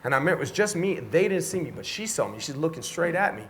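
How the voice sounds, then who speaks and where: Talking rapid-fire in a fairly high voice, this middle-aged Washington, D.C. native tells a lengthy story as a podcast guest. He's animated and profane, performing each line of dialogue, and there's slight background noise.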